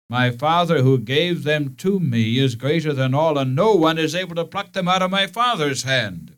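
Slow, earnest male preacher. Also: medium pitch, fairly bright tone. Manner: earnest, emphatic, addresses listeners directly; deliberate, repeats key phrases. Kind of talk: sermon.

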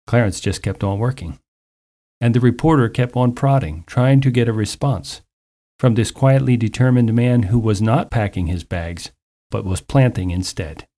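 A man hosts a radio ministry program with a mellow, warm voice. He reads a scripted story and announcements in an earnest, measured way. His pitch is in the middle range for a man.

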